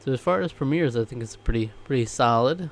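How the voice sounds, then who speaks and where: A man's voice: mid-range voice, lively intonation, fast talker, slight background noise. Easygoing man hosting a casual reaction chat. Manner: easygoing, chatty, wraps up the show. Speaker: co-host of a reaction show.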